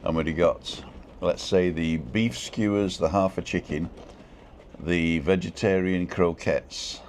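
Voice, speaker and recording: A man's voice: sits low, fairly even intonation, takes it slowly, a little hiss or hum. A man hosting a casual live stream, rambling about food and reading viewer comments aloud. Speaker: vlog host. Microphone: own microphone.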